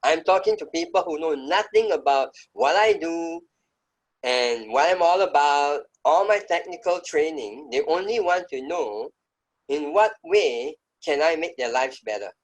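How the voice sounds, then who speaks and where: A man's voice: a little high, expressive, a little slow, rough recording. A middle-aged man speaking as an interview guest, telling his story in an emphatic, reflective way. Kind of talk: conversational interview.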